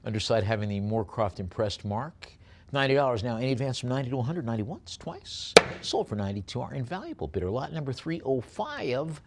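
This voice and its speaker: A man's voice: medium pitch, big pitch swings, fast talker, background noise. A man working as an auctioneer, calling bids at a live sale. He describes each lot with many hesitant fillers and drops joking asides between bids.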